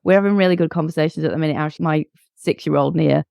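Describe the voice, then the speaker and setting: A woman in her forties from the United Kingdom, a guest speaking in casual conversation, animated and acting out quoted dialogue. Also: low voice, quick pace, creaky, no echo, clean studio sound. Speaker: guest, coach and podcaster.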